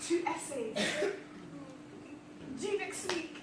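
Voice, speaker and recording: A woman's voice: very high voice, expressive, drawn-out words, exaggerated voice. A young woman playing a stressed university student, frantic and rambling, on a live stage before an audience. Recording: echoey hall, far mic, crowd noise.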